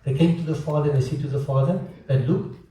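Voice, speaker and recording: A man teaching a Quran lesson, animated and asking his students rhetorical questions. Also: on the high side, quick pace. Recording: echoey room from far off.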